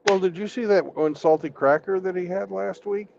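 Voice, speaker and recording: A man's voice: high voice, normal speed, vocal fry, a little mellow. A man in a casual podcast chat, talking bluntly and swearing often. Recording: dull lo-fi sound with faint noise.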